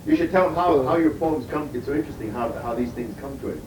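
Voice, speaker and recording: A man's voice: mid-range voice, fast, a crowd in the background. Distant man in a roomy, crowded space. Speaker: listener prompting the storyteller. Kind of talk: casual chat.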